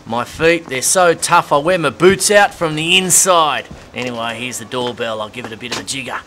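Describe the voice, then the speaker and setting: A man's voice: mid-range voice, moderate pace, a little hiss or hum. An Australian man narrating a comic detective story in a joking, laid-back way with little chuckles. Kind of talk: comic spoken narration over drum music. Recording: loud drum and music bed behind.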